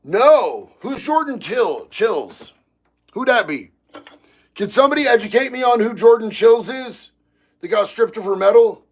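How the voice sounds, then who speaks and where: A man hosting a casual livestream, reading viewer comments aloud and talking in an excitable, profane way that breaks into shouting. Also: very high-pitched, measured pace. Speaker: livestream host reading chat.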